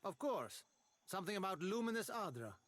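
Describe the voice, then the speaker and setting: A man's voice: high-pitched, sing-song, fairly quick, a bit bright. An actor playing a chatty male townsperson trading gossip in video game dialogue. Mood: gossipy.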